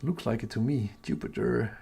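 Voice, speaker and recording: Gravelly excited man thinking aloud. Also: medium pitch, normal speed. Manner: excited, thinking aloud, drops to a whisper at times. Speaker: astronomy livestream host. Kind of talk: live-streamed casual chat. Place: home at night.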